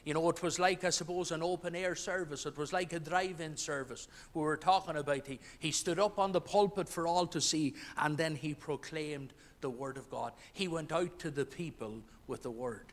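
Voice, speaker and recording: A man's voice: a little high, moderate pace, hardly any pauses. A man preaching a sermon as pastor, earnest, with restarts and swells of emphasis. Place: church. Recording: church hall with long reverb.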